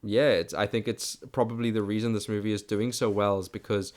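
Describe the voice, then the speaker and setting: A man's voice: fairly low pitch, steady tone, a little fast. A South African man hosting his own podcast, giving a rambling, chatty solo movie review and often restarting his sentences. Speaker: podcast host.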